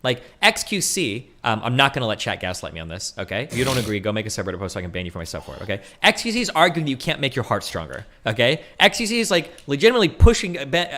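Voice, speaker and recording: A man streaming fast, heated commentary, arguing and swearing, with frequent "right?" and "okay?" tags. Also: mid-range voice, a bit bright. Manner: argumentative, profane, rhetorical "right?" tags. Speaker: streamer debating online.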